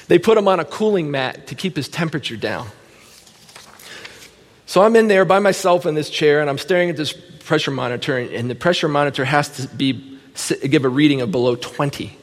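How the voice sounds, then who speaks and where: A middle-aged man speaks to his congregation in a voice pitched a little high, laughing easily as he tells his testimony. His words carry a long reverb tail through the church hall. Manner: emotional storytelling, laughs often. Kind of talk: testimony sermon. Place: church sanctuary.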